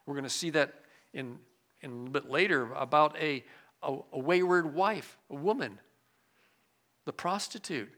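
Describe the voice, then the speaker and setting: Bright-voiced preaching man, loud then hushed. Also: a little high, moderate pace, long pauses. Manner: swings from loud emphasis to quiet asides. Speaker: pastor. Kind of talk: sermon.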